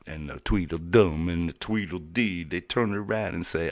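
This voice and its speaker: A man's voice: deep voice, normal speed, few pauses, no room sound. A man telling a story in a laid-back, slangy, rambling way, recorded in a studio. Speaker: narrator. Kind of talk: casual spoken storytelling over music.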